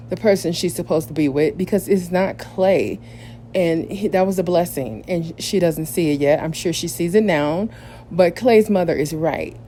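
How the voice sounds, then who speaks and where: A woman hosts a casual podcast recap and walks through each scene in detail with blunt, opinionated commentary. Her voice sits on the lower side and sounds mellow and warm. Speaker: podcast host.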